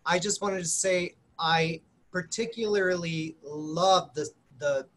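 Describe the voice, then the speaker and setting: A man joining an online wine tasting as a guest, speaking slowly and softly. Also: on the high side, steady tone, slight background noise. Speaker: restaurant owner guest.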